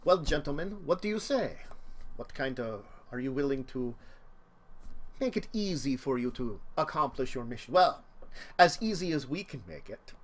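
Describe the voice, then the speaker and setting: A game master voicing an aging crime boss with an attempted Spanish accent, courtly and deliberate. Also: male voice, medium pitch, sing-song. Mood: persuasive. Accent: attempted Spanish accent, admittedly poor. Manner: courtly, slow and deliberate, with drawn-out pauses. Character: aging male crime boss, smooth and scheming.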